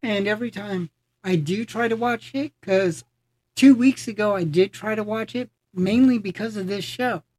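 A mid-pitched adult voice in a relaxed conversation. The speaker talks in a measured, thoughtful way and sometimes hesitates. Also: poor audio. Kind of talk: casual chat about wrestling.

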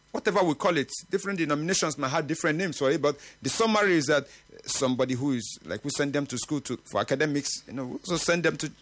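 A husky-voiced middle-aged man hosts a morning radio talk show. He speaks earnestly and with emphasis, and his pitch swings widely as he makes his points. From Nigeria. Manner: earnest, emphatic, with occasional laughs. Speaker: radio host.

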